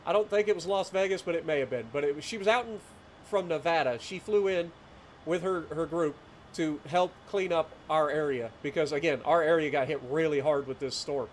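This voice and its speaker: On his gameplay stream, a late-thirties man with a rural southeastern Ohio accent greets chat and wanders through casual stories with frequent chuckles. He talks briskly in a voice on the high side, with slight background noise.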